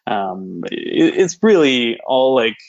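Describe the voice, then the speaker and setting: A man explains slang in a relaxed, hesitant way during a casual podcast chat. His voice sits at a middle pitch. The audio is slightly dull and lo-fi. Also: slow.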